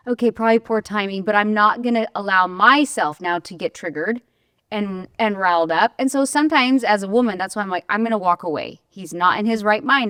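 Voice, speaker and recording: A woman's voice: medium pitch, a bit bright, no echo, studio quality. A woman in her forties co-hosting a podcast, telling a domestic story in a candid chat and acting out both sides. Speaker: podcast co-host.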